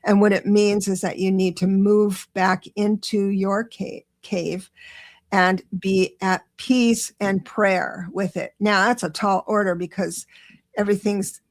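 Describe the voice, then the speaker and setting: Woman doing a live tarot reading, gravelly voice, chatty and encouraging, restarts a lot. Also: mid-range voice, little pitch movement, slow pace. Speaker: tarot reader and show host.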